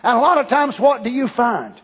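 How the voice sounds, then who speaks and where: An older man preaches with real fire. His voice sits unusually high for a man, especially when he climbs into a shout. Between those peaks he drops to quiet, near-murmured asides. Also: lively intonation, brisk, husky. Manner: fervent, swings from hushed asides to shouted declarations. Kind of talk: Pentecostal-style sermon.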